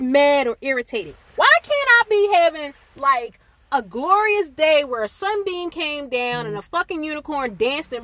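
Middle-aged woman, podcast host, exasperated profane venting, high voice, very lively pitch, recorded in her car without a real mic. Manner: exasperated, swears constantly, animated rants. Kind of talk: profane solo venting monologue. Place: parked car in a park. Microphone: phone or built-in mic, no proper microphone.

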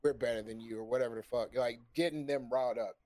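A man's voice: medium pitch, fast, crowd noise. A man telling a long story in casual chat, swearing freely and laughing often. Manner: profane, animated, laughs often. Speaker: storyteller on a stream.

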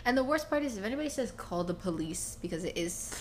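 A woman co-hosting a podcast, telling stories in a casual, animated chat full of fillers. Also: mid-range voice, fast talker, slight background noise. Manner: chatty, animated storytelling with many fillers. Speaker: podcast co-host.

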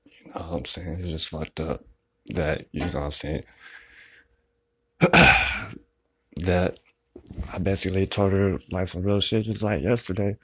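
Low husky man, upset and venting. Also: fairly even intonation, a little slow, long pauses, sharp tone. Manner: rambling, profane, repeats "you know what I'm saying". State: upset, close to tears. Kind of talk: emotional venting monologue.

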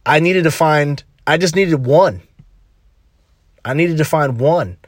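Male podcast host, punchy slang-heavy motivational delivery, slightly high pitch. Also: takes it slowly, dry recording, clean studio sound. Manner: emphatic, slangy, repeats phrases for punch.

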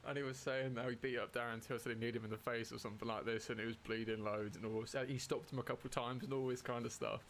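A man's voice: mid-range voice, little pitch movement, quick pace, few pauses, a bit bright, slight background noise. A man hosting a casual chat, playful and laughing a lot.

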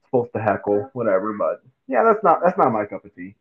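A man co-hosting a casual sports chat, animated and acting out quotes in silly voices. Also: fairly low pitch, fairly quick. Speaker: podcast co-host. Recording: tinny phone-like mic.

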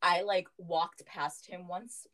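A young woman co-hosting a casual chat, telling animated stories, swearing freely and laughing often. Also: lowish voice, slow, low-quality recording. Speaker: podcast co-host.

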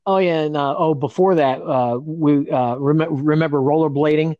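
Brief: man with a fairly high voice reminiscing, dull lo-fi sound. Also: steady tone, moderate pace, dry recording. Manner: reminiscing, filler-heavy. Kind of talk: casual chat.

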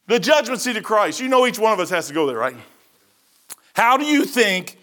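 A man pastor preaching a folksy, emphatic sermon that breaks into shouts. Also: very high-pitched, sing-song, brisk.

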